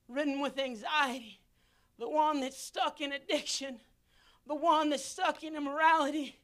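A woman preaching a sermon, swinging from impassioned shouting to hushed, near-whispered lines. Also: high voice.

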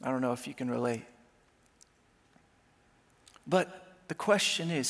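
Pastor preaching, man, unhurried delivery, reverberant church hall, chatty and self-mocking. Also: mid-range voice, creaky, fairly bright tone. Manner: conversational, self-deprecating, with playful quoted asides. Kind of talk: sermon.

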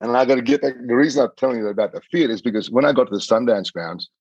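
Husky man telling stories. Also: medium pitch, rapid-fire, no room sound, dull audio. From Australia. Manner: earnest, animated storyteller. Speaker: podcast guest. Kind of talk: storytelling in conversation.

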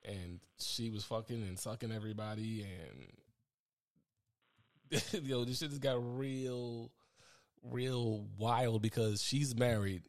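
A man's voice: medium pitch, takes it slowly. A man co-hosting a podcast, telling stories in a loose, slangy, casual way. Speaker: podcast co-host. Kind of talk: casual chat.

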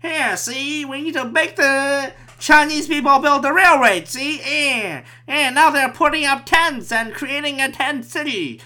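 A man's voice: very high-pitched, unhurried, few pauses, pushed and bright, pitched above the performer's own voice, full character voice. A man voicing a scheming white man from the 1920s who keeps tagging his lines with "see?". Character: bigoted old-timey white man from the 1920s.

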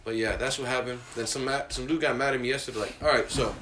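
A man's voice: mid-range voice, fairly even intonation, quick pace, sharp tone, slight background noise. A man co-hosting a casual podcast, telling stories in a profane, ranting way. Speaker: podcast co-host. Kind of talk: casual chat.

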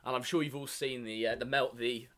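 A man's voice: mid-range voice, steady tone, a little fast, fairly bright tone. Hesitant English man chatting. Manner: rambling, hesitant with many ums. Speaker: podcast co-host. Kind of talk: casual banter.

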